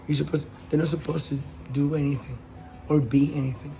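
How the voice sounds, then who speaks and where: A man giving casual relationship advice, talking in a halting way with many fillers and restarts. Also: on the high side, level tone, vocal fry, mellow, soft background music, rough recording. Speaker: advice host.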